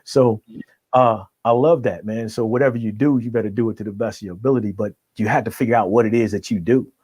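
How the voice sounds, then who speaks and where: A man's voice: on the low side, quick pace, a little mellow, breathy edge, no room sound. A middle-aged man, a guest coach, giving emphatic motivational talk on a podcast and checking in with his listener after each point. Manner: emphatic, keeps checking in with "right?".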